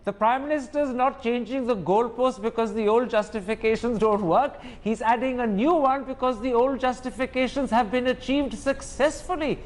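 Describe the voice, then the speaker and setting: A man anchoring a TV news debate, sardonic and quick to interrupt his guests. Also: extremely high pitch. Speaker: TV debate host. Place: TV studio.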